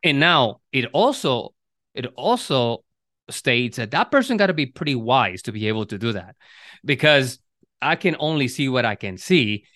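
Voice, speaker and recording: Bright-voiced man musing aloud. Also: medium pitch, sing-song, normal speed, no room sound, clean studio sound. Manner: reflective, restarts and repeats words. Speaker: podcast co-host. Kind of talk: casual conversation.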